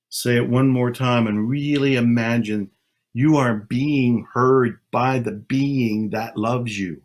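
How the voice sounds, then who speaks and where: An older man speaking slowly and calmly, leading a guided meditation with long pauses. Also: mid-range voice. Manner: slow, calm, soothing, with long pauses. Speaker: self-help speaker. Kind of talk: slow guided meditation talk.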